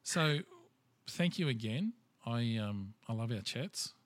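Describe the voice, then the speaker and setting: A man with an Australian accent hosting a podcast, chatting in a relaxed and easygoing way with his guest. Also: mid-range voice, slow pace, no room sound. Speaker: podcast host. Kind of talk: casual interview chat.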